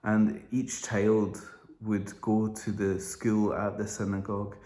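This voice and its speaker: A man in his thirties, giving a calm devotional reflection in a slow, gentle way with small restarts. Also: on the low side. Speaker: church member giving a devotional. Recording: roomy echo.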